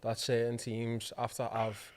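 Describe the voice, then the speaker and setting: A young man hosting a podcast, opening with a hype intro and then chatting in a relaxed way with questions. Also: mid-range voice, a little slow. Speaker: podcast host. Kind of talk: casual chat.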